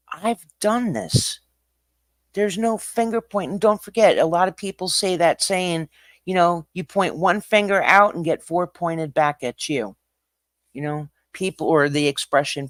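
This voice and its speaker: A man talks to his livestream audience in a loose, ranting manner, his voice sitting a little high for a man. He swings between fired-up outbursts and quieter stretches. The sound is dry and close, with no room around it. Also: dry recording. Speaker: livestream host. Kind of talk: casual livestream talk.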